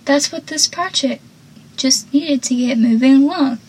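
A woman's voice: sits high, a little slow, a little mellow. Woman reading as a laid-back teen boy. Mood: earnest. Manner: reading quoted lines aloud. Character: joking teenage boy, laid-back and apologetic.

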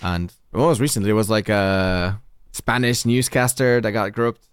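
A man co-hosting a podcast in casual chat, easygoing and halting. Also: on the low side, smooth, dry recording, clean studio sound. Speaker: podcast co-host.

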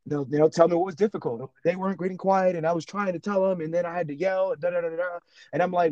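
A man's voice: high voice, quick pace, no echo, muffled recording. A man who is a teacher, chatting on a podcast and acting out classroom exchanges as he tells stories. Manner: animated storyteller, acts out classroom exchanges. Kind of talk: casual podcast chat.

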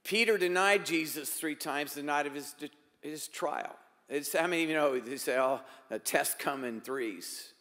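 A man preaching a sermon as pastor, shifting between emphatic raised lines and quiet asides. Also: a little high, moderate pace, big-room sound.

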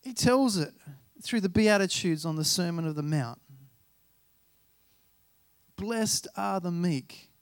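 Male pastor, 30s, high voice, close and dry, self-deprecating storyteller. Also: animated, slow pace, pauses often, clear, resonant tone, no echo. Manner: chatty, self-deprecating, acts out dialogue. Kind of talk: sermon with personal storytelling.

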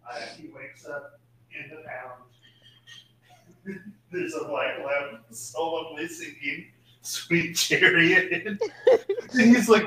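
Recorded on a distant mic in a roomy space with faint noise, a podcast co-host walks through a movie plot in casual conversation. His voice is high, bright, and forceful, his pace slow with frequent pauses, and he laughs often and swears freely while rambling.

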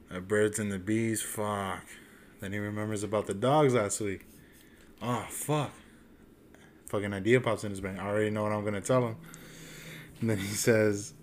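A man's voice: fairly low pitch, a little hiss or hum. A young man co-hosting a casual podcast, telling a crude joke full of swearing and acted-out voices. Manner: swearing storyteller, acts out voices. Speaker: podcast co-host.

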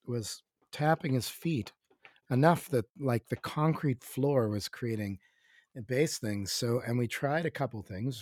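A man's voice: lowish voice, dry recording, clean studio sound. A Canadian man, a podcast guest and recording engineer, chatting casually and rambling with many restarts. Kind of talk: casual chat.

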